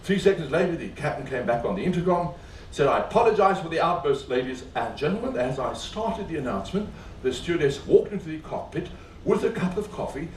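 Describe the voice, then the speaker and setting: Joking stage magician in a roomy hall. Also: male voice, on the high side, expressive, a little fast, a little hiss or hum. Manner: joking, chatty, teasing the audience. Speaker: comedy magician. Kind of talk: live stage comedy magic show. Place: cruise ship show lounge. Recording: roomy, distant live stage recording with faint audience ambience.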